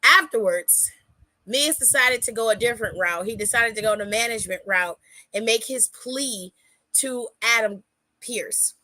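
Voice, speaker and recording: A woman hosting a casual podcast, chatting through a recap and acting out quotes with lots of energy. Her voice sits a little high and sounds bright and forceful. The sound is dry, with no room around it. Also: unhurried, dry recording. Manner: animated storytelling, acts out quotes, laughs often. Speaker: podcast host.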